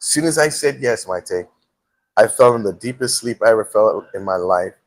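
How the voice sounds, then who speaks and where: A man's voice: lowish voice, lively intonation, moderate pace. A man hosting a live talk show, telling a personal story in a casual way, with frequent restarts. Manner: storytelling with many restarts and acted quotes. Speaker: host.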